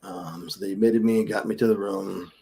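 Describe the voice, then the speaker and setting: A man's voice: on the low side, fairly even intonation, fairly quick, vocal fry, dark tone, breathy edge. A middle-aged man telling a story casually to camera, blunt and candid, mixing in quoted dialogue and the odd swear word. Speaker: vlogger.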